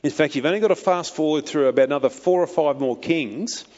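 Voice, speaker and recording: A man's voice: a little high, brisk, a little mellow. A man preaching a sermon as pastor, earnest and emphatic, his voice lifting on key phrases. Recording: muffled, long hall reverb.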